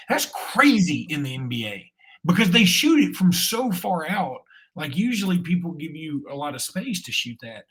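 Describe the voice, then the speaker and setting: A man's voice: a little high, fairly bright tone, breathy edge. A man co-hosting a sports podcast, talking casually and rambling with frequent restarts and filler words. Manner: chatty, rambling with repeated restarts. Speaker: podcast co-host.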